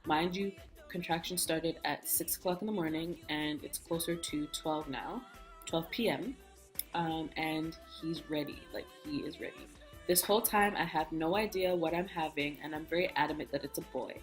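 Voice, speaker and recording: A woman's voice: sits low, normal speed. A young woman vlogger candidly telling a personal story in casual chat, acting out what people said. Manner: candid, animated storytelling, acts out quoted speech. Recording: soft music bed behind.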